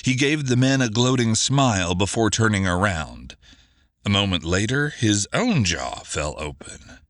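A man narrating an adventure audiobook in a measured, expressive way. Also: fairly low pitch, no room sound, clean studio sound.

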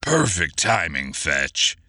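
A man's voice: low voice, big pitch swings, slow, pushed and bright, dry recording, clean studio sound, voice pushed down, heavily acted. A man doing a gloating, mocking brawler. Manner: scornful, gloating. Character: mocking, gruff male brawler. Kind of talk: audiobook character voice.

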